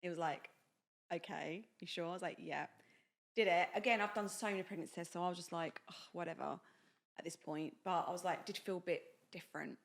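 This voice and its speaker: With a lowish, gravelly voice and a brisk pace, a young woman co-hosts a podcast. Chatty and animated, she relates a personal story in casual conversation, performing the quoted dialogue of its characters.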